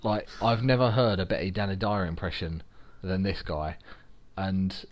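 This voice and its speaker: A man's voice: sits low, fairly even intonation, normal speed. A young man with a London accent chatting casually on a podcast, sarcastic and rambling, swearing freely. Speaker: podcast co-host. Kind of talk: casual chat.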